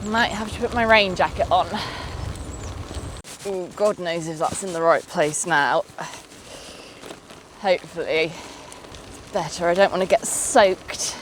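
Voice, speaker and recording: A woman's voice: on the low side, takes it slowly, pauses often, slight background noise. A woman vlogging casually while cycling through a forest, chatting away and cooing at animals she meets. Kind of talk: casual chat while riding. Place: outdoors in a forest on a bike.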